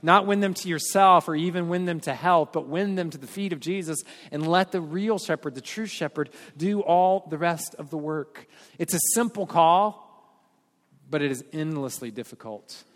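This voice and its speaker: A man delivering a sermon as pastor, telling stories with energy and then speaking earnestly and softly. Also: fairly high pitch, normal speed. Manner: storytelling, animated then earnest and quiet. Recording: hall reverb.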